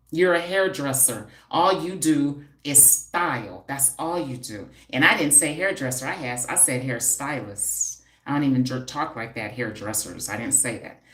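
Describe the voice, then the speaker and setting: Woman host, deep-pitched, sassy livestream banter, roomy echo. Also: expressive, slow, fairly bright tone. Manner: sassy, confrontational, streetwise banter with rhetorical questions. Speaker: holistic hair and scalp practitioner hosting a live stream. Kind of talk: livestream chat answering viewer comments.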